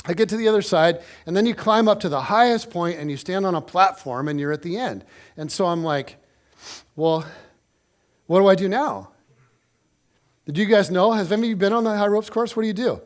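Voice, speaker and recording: High-voiced man preaching a story sermon. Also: fairly quick. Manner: animated, conversational storytelling to the congregation. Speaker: pastor.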